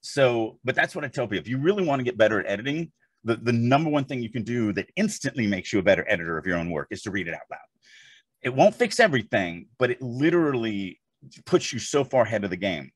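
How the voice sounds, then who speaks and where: A man's voice: mid-range voice, big pitch swings, fast talker, husky, dry recording. A man co-hosting a podcast, chatting casually in an emphatic, rambling way full of asides. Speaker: podcast co-host. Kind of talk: casual chat.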